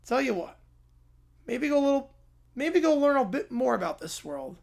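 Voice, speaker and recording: A man's voice: extremely high pitch, very animated, moderate pace, creaky, heavily acted. A man playing a patient old farmer who speaks in a folksy drawl and calls people son.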